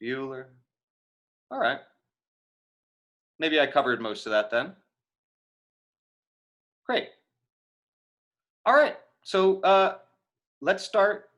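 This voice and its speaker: A man with a high-pitched, fairly bright voice speaks slowly, pausing often and swinging widely in pitch, and the recording's highs are cut off. He's answering chat questions in a live online acting class, casual and chatty, thinking aloud with many fillers and restarts.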